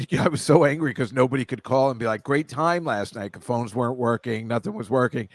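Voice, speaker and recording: A man's voice: medium pitch, fairly even intonation, fast talker, no echo. A middle-aged man hosting a podcast, rambling in casual chat with a jokey, self-deprecating manner. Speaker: podcast host.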